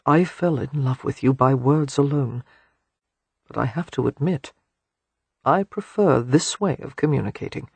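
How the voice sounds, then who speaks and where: An audiobook reader voicing a tender, ardent young man who speaks in soft murmurs and whispers. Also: mid-range voice, a little slow, creaky, breathy edge, no room sound. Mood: tender, intimate. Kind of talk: audiobook character reading.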